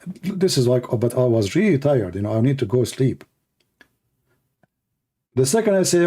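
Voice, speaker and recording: Man, livestream host, combative, mocking, tired voice, mellow tone. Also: medium pitch, very animated, normal speed, long pauses, breathy edge. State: tired voice after hours of talking. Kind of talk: unscripted livestream monologue.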